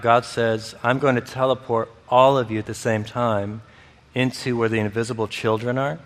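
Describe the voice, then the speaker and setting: This preacher has a mid-range, slightly bright voice that echoes with long hall reverb. He fills his sermon with stories, laughing often and acting out what the people in them said.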